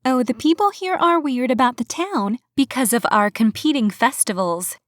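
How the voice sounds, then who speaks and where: A woman's voice: sits high, lively intonation, moderate pace, a bit bright, dry recording, clean studio sound, voice pushed up. A woman voicing a chatty, giggly young woman in her twenties in an audiobook. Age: 20s. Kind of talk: audiobook character voice.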